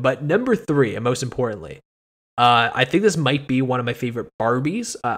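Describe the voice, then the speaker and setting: A man hosting a casual podcast chat, ranting with animated, profane mock outrage. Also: mid-range voice. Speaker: podcast host.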